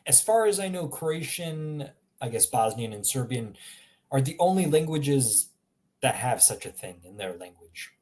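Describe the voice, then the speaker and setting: A man giving a casual spoken language lesson, explaining sounds with self-aware humor and repeating them slowly to demonstrate. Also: medium pitch, sing-song, a little mellow. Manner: chatty, self-aware explaining with little laughs. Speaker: language teacher.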